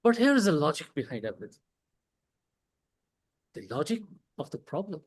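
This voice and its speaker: A man with a Pakistani English accent giving a prepared motivational speech at a club meeting, emphatic, with dramatic pauses and rhetorical questions. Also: a little high, very animated, breathy edge, rough recording. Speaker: club speaker. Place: meeting hall.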